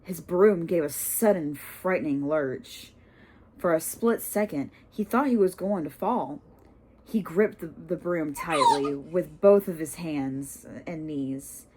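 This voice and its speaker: A woman reading a storybook aloud in an expressive way, with the odd stumble. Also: low-pitched, slight background noise. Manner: expressive, unhurried, occasional stumbles. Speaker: reader.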